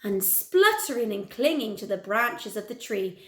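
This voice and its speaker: Lively woman teacher reading a picture book. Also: mid-range voice, measured pace. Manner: animated and expressive storytelling. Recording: echoey room.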